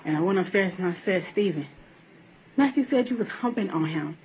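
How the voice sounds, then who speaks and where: A woman's voice: on the low side, expressive, brisk, a little mellow, rough recording. Woman, courtroom testimony, blunt, profane, emotional, faint background noise. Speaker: defendant in court.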